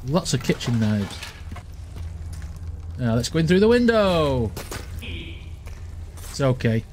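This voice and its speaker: Excitable man commenting on a game. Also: a little high, slow, slight background noise. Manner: excitable, shouts and laughs at the action. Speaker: gaming streamer. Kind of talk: gaming playthrough commentary.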